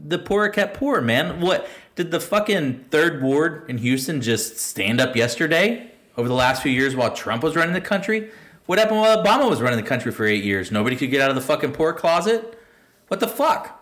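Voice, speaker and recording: A man's voice: a little high, big pitch swings, brisk, a bit bright. A man co-hosting a podcast, talking politics in a rambling, profane way, restarting sentences and laughing at his own jokes. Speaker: podcast co-host. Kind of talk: casual profane political chat.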